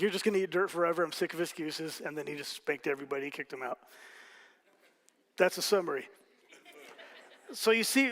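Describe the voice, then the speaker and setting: A man's voice: high voice, a bit bright. A man preaching a sermon as pastor, telling stories casually with jokes and asides to the congregation. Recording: hall reverb.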